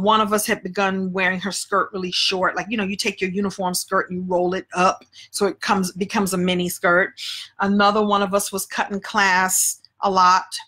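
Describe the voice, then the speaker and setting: A woman's voice: mid-range voice, fairly bright tone. Woman coach, casual live-stream talk, playful storyteller, phone mic. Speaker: speaking coach.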